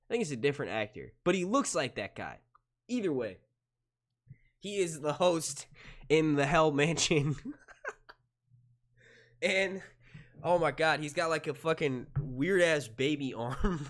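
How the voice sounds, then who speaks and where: A man's voice: on the high side, fairly bright tone. A man casually chatting with his livestream viewers as a show reviewer, rambling, swearing and laughing.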